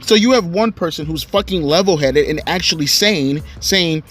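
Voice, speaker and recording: A man's voice: on the high side, normal speed, a bit bright, a little hiss or hum. Furious profane man ranting outdoors. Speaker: online commentator. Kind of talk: angry rant vlog. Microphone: cell phone.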